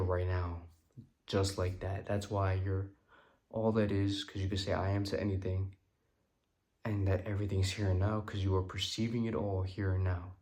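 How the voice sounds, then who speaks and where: A tired man with a deep, darkish voice yawns through a casual spiritual talk to camera about manifestation. He's loose and rambling, keeps asking "right?", and slows down for emphasis.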